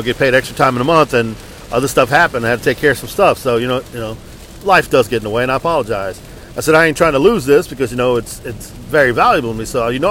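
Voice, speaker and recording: A man's voice: mid-range voice, fairly bright tone, a little hiss or hum, low-quality recording. A man venting angrily in a casual, profane, rambling story.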